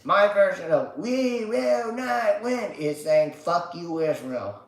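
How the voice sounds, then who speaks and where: A man hosts a casual livestream and talks at a slow, drawn-out pace. His voice sits a little high, and he swears freely and chants slogans. The room around him is echoey. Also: lively intonation, creaky, a little hiss or hum. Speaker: livestream host. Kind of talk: casual political livestream rant.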